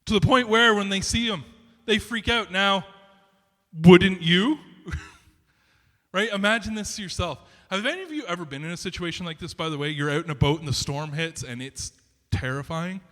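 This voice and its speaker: Male pastor, high bright voice, chatty animated sermon delivery, reverberant church hall. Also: normal speed. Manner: animated, conversational preaching with many restarts and asides. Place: church sanctuary.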